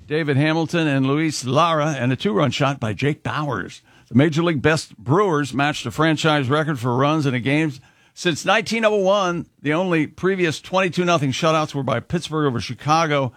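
A man with a fairly high, bright-toned voice rattles off sports scores and quirky news items, tossing in quick jokes between the facts. The recording is close and dry, with no room around it. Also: dry recording. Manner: reads sports scores briskly, joking asides. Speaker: radio show host reading the news. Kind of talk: casual morning show banter.

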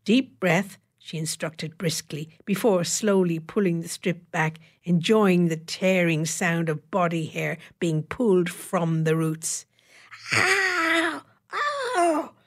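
A woman narrating an audiobook with wry, expressive storytelling. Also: fairly low pitch, measured pace, few pauses. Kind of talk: scripted narration.

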